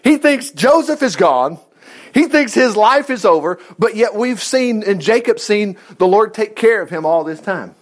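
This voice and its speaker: A man reading a Bible story aloud and breaking in with folksy, animated commentary to his listeners. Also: high voice, moderate pace. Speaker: Bible teacher.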